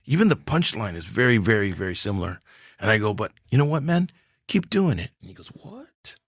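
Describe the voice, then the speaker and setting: A fairly low-pitched, fast-talking older man, a comedian appearing as a podcast guest, spins casual stories and animatedly performs the dialogue. The audio is studio quality, without echo.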